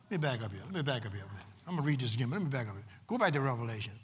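A man preaching a sermon, swinging from shouts to low murmurs and repeating lines for emphasis. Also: very animated, rapid-fire, slight background noise. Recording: long hall reverb.

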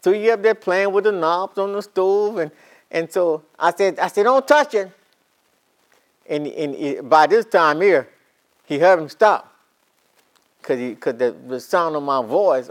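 A man's voice: a little high, a little slow. Older male Bible teacher, folksy storyteller, repetitive restarts, rising to fervent emphasis. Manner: folksy, repeats and restarts phrases, builds to emphatic preaching. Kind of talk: storytelling sermon.

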